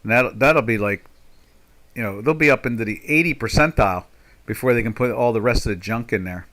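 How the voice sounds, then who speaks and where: A man's voice: medium pitch, fairly quick, a bit bright. A man in his sixties giving rambling, folksy live trading commentary with sarcastic asides from a home trading desk. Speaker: market commentator.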